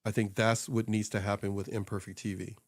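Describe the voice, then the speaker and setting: Guy with a lowish voice rambling about social media, laughs a lot, dry close sound. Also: flat delivery, brisk, dry recording. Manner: loose and rambling, laughs often. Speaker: social media coach and host. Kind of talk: casual chat.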